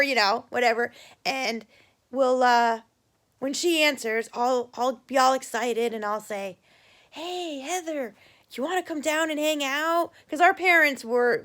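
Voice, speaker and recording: A middle-aged woman casually telling a childhood story on her vlog, swearing freely and acting out the quoted voices. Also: fairly high pitch. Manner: animated, swearing, acts out voices in quoted lines. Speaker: vlogger.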